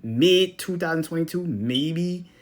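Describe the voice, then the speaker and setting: A man's voice: on the high side, animated, unhurried. A young man hosting a podcast, ranting bluntly with lots of swearing and laughing as he goes. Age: young adult. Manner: profane, blunt, laughs often, swings between loud and mumbled. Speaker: podcast host. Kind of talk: casual ranting monologue.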